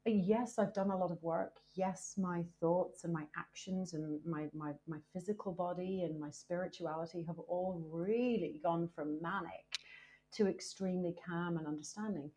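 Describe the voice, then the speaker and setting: A woman speaking as a guest in a candid podcast conversation, lively and emphatic, with many "you know" fillers. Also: lowish voice, normal speed, a little hiss or hum. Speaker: guest, presenter and author.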